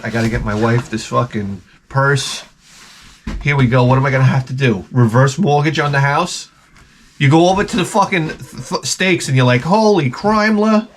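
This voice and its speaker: A middle-aged man rants in a rambling, profane, animated way, full of restarts. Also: mid-range voice. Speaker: vlogger. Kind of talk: profane comic rant.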